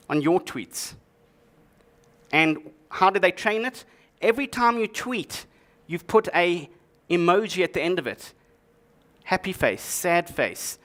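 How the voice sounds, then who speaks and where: This is a male tech conference speaker whose voice is fairly high and fairly bright. Addressing the audience from the stage, he jokes in a dry way and fills the talk with sarcasm.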